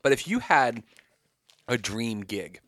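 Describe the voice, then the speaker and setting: A man's voice: medium pitch, slow, no room sound. A man hosting a casual podcast interview, rambling through questions with lots of fillers. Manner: animated, rambling, laughs a lot. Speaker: podcast host.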